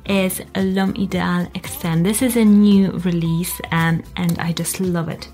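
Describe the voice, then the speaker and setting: A woman's voice: fairly low pitch, fairly even intonation, a little slow, hardly any pauses, mellow, soft background music. A young woman doing a casual countdown review of fragrances, talking in a gushing, enthusiastic way with lots of fillers.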